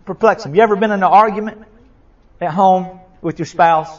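A male pastor preaching a sermon, impassioned and repetitive, swinging from loud to hushed. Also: high-pitched, normal speed. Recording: dull lo-fi sound.

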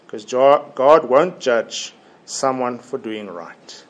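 A man preaching a Bible sermon in a deliberate, emphatic way, often repeating his key phrases. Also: mid-range voice, animated.

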